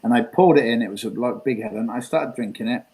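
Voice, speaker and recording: A man's voice: medium pitch, fast, darkish tone, husky, rough recording. An English man from England, a guest telling a long rambling story, repeating himself and swearing. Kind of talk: casual storytelling interview.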